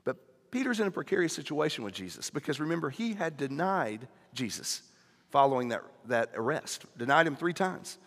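A man's voice: fairly high pitch, sing-song, fairly quick, a bit bright. Man preaching a conversational sermon in a reverberant hall. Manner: conversational storytelling, acting out dialogue. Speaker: pastor.

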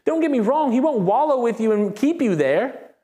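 A man preaching a sermon as a pastor, speaking conversationally and emphatically, with repeated phrases and animated rises. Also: very high voice, moderate pace. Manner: animated, rises sharply when excited. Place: church.

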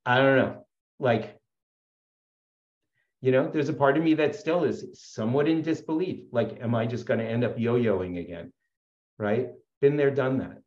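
A man's voice: mid-range voice, normal speed, a little mellow, roomy sound, dull audio. A man sharing his story at a support meeting, earnest and rambling, with many fillers and restarts. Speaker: speaker sharing at a recovery meeting. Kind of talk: personal share at a support meeting.

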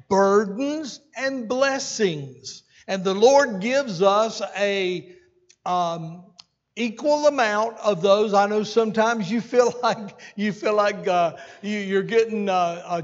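A senior pastor delivers a folksy, conversational sermon, with asides to his congregation. His voice sits notably high for a man, and the recording is dull and muffled. A long reverb trails his words through the church hall. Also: a bit bright. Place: church sanctuary.

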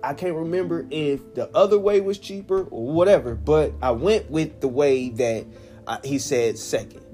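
A man's voice: on the high side, moderate pace, warm tone, faint music behind. A man telling a story in a casual way, swearing a lot, using slang and often checking in with the listener.

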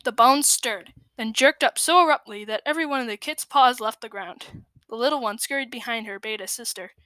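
A woman narrating a children's story in a measured, expressive way that drops into hushed tones. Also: a little high, no echo. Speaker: storybook reader.

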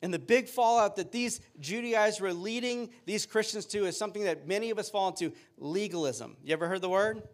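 Male pastor, high tenor, earnest sermon delivery with read-aloud scripture. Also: fairly quick, few pauses.

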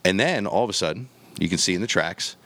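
Brief: man, low voice, podcast guest, lively storyteller who does the sound effects himself, dry close mic. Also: quick pace, no echo. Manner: animated storyteller, acts out gunshots and quotes. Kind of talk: casual storytelling chat.

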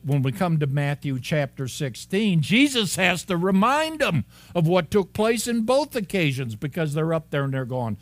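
Animated man preaching a sermon. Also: a little high. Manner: animated, laughs often, acts out disciples' lines. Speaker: pastor. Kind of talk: expository sermon.

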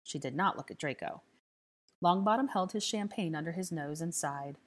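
A woman reading a story aloud as narrator, calm and even. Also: on the low side, normal speed. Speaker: audiobook reader. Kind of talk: scripted narration.

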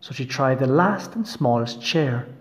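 A man reading a fairy tale aloud in an expressive, storytelling manner. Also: mid-range voice, measured pace.

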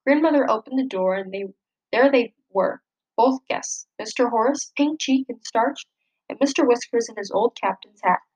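A woman reads a children's picture book aloud in a slightly high voice. She is gently expressive and lifts her voice for the characters' lines. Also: moderate pace, breathy edge, poor audio. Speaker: storybook reader.

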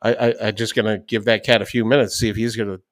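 A man co-hosting a podcast, telling a profane, animated anecdote in casual chat. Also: on the low side, dry recording. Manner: animated, profane, fast-rambling anecdote with acted-out quotes. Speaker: podcast co-host.

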